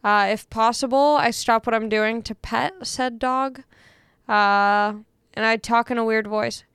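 Young woman, casual chat, rambling and self-mocking, very smooth clear voice, slightly high. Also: fairly even intonation, a little slow, a bit bright, no room sound, studio quality. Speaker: podcast host reading an ad. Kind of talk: casual chat with sponsor read.

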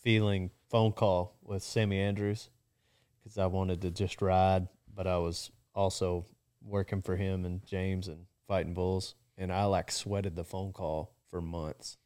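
A man in casual conversation, relaxed and reflective, recalling a nervous phone call with a boss and using lots of "you know.". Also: deep voice, measured pace, clear, resonant tone. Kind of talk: casual chat.

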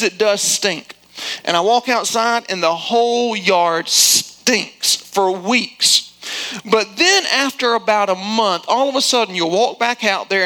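A male pastor preaching a sermon with emphasis, slowing down to land his key lines. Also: pushed and bright, clear, resonant tone, poor audio. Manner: acts out quotes in a high squealing voice.

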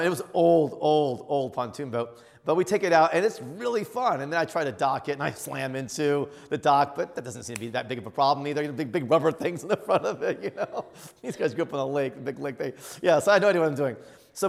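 A middle-aged man tells a sermon story, animated and laughing as he acts out the voices. His voice sits a bit high for a man, and it carries with a long reverb through a large hall. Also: vocal fry. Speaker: bishop.

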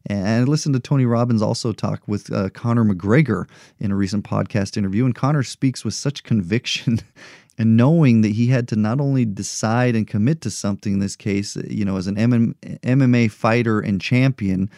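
A man's voice: on the low side, normal speed, mellow, no echo, clean studio sound. A middle-aged man hosting a motivational podcast, talking earnestly and encouragingly, repeating rhetorical questions to his listeners. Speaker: podcast host.

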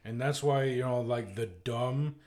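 A man co-hosting a comedy podcast, swearing freely and breaking into loud impressions as he tells stories. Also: medium pitch, unhurried. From Mohawk Nation. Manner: excitable, profane, shouts impressions mid-story. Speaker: podcast co-host. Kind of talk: crude comedy podcast banter.

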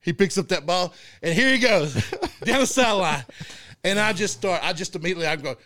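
A man with a fairly high voice tells sports stories with real energy, laughing often and restarting his sentences as he goes. The sound is dry and close, with no room in it at all. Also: expressive, brisk, sharp tone, dry recording. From Arkansas. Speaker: podcast co-host and youth football coach. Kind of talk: casual sports chat.

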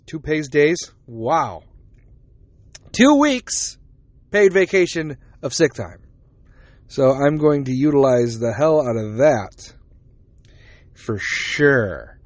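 A man's voice: fairly high pitch, no echo. A man hosting a casual solo podcast, rambling and swearing as he retells conversations, tired and yawning. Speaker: podcast host.

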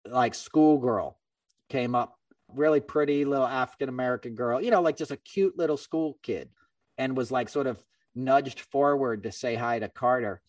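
A middle-aged man hosting a podcast, telling a story in a casual, animated way and acting out other people's lines. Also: medium pitch, normal speed, no echo, far from the mic. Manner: animated, acts out quoted voices. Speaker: podcast host.

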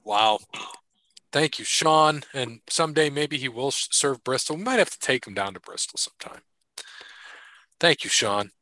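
A man's voice: medium pitch, expressive, normal speed, pauses often, bright, forceful tone. A man co-hosting a podcast in loose, jokey casual chat, running through sponsor thanks and sports gossip. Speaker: podcast co-host.

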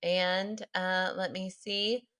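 Chatty woman podcast co-host, lowish voice. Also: little pitch movement, very slow, a bit bright, clean tone. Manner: chatty, upbeat, giggly. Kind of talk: casual chat.

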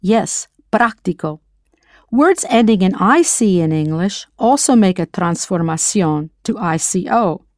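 A woman's voice: mid-range voice, lively intonation, unhurried, dry recording, studio quality. Woman teaching in a playful quiz style. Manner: playful, quizzing the listener with questions. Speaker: language teacher. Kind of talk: scripted audio lesson narration.

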